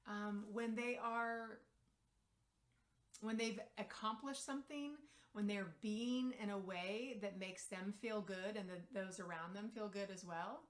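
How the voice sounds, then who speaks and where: A woman's voice: mid-range voice, steady tone, a little slow. A woman speaking as a parent coach, telling a story and giving advice directly to the camera in a conversational way with the occasional filler.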